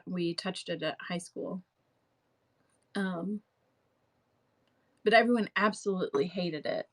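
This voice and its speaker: A woman's voice: mid-range voice, low-quality recording. A young woman hosting a live stream in casual chat, rambling and full of fillers and restarts.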